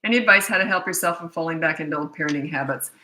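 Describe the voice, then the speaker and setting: Answering questions in a live Q&A, a middle-aged woman who coaches parents speaks very fast in a lowish, very bright voice. She's blunt, candid and chatty, and the room echoes around her.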